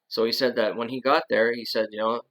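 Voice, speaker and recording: A man's voice: mid-range voice, level tone, fast talker, fairly bright tone, low-quality recording. A man talking on his own in a loose, rambling monologue, full of "uh" and "you know" and restarted sentences. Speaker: channel host. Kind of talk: casual monologue.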